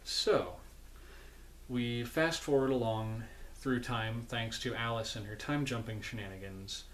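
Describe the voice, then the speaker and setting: A man's voice: mid-range voice, slow pace, slight background noise. Sleepy, rambling male vlogger. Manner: rambling, self-correcting, chatty asides. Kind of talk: casual film recap. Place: home.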